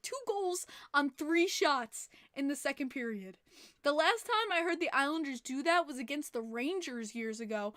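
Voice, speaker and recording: A woman hosting a casual hockey podcast, animated and laughing often, swearing freely. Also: high voice, no echo, studio quality. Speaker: podcast host.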